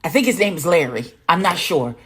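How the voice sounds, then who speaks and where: A woman, commenting loudly and profanely as she reacts to a reality show. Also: lowish voice, a little fast, breathy edge. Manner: loud, profane, animated, talks back at the screen. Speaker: reaction video host.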